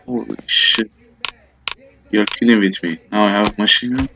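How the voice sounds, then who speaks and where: A man's voice: fairly low pitch, fairly even intonation, normal speed, creaky, music in the background. A man casually commenting on his gameplay, swearing a lot and exclaiming in loose, non-native English grammar. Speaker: gameplay walkthrough host.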